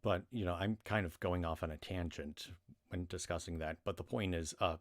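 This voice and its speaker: A man with an American accent and a low voice chats casually to his livestream. He rambles, doubles back and fills gaps with "uh" and "like" as he speaks. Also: fairly even intonation, moderate pace. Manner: rambling, with many restarts and fillers. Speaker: livestream reader.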